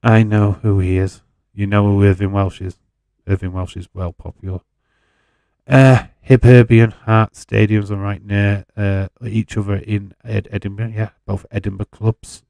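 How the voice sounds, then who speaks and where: Slow, gravelly man chatting on a watch-along. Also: on the low side, little pitch movement, mellow, dry recording. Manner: rambling, chatty, swears freely. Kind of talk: casual live watch-along chat and commentary. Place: home in Fife.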